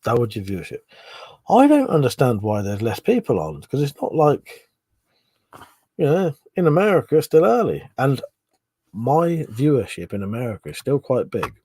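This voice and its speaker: A man's voice: medium pitch, very animated, moderate pace, dark tone, breathy edge. A man hosting a casual live stream, drunk, swearing a lot and laughing as he reads viewer comments. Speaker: livestream host.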